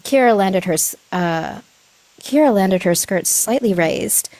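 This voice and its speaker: A woman's voice: mid-range voice, lively intonation, a little slow, a little mellow, no room sound. Giggly woman reading aloud, dry sound. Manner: giggly, self-correcting reading with asides. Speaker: streamer reading a story aloud. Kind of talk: live-stream reading aloud.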